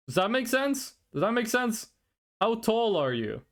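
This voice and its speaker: A streamer in a casual live-stream chat, rambling and excitable and often repeating words. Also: mid-range voice, a little slow.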